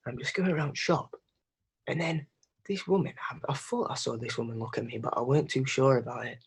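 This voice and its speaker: A young man telling a holiday story in casual podcast chat, animated and sweary. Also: mid-range voice, brisk, slightly rough. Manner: animated, swearing, acts out voices in anecdotes. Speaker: podcast co-host.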